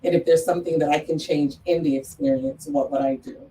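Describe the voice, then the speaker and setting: Earnest woman guest with a mellow voice. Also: low voice, steady tone, fast talker, recorded from a distance, a little hiss or hum, poor audio. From Metro Atlanta area. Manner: earnest, emphatic, repeats key phrases. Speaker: guest, photographer and business owner. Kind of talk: interview talk.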